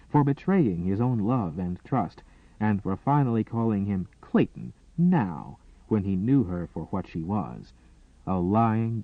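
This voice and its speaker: Dramatic male narrator for a period romance; animated delivery, thin phone-like audio. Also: fairly low pitch, dry recording. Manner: expressive, dramatic reading. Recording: dry, tinny phone-like sound.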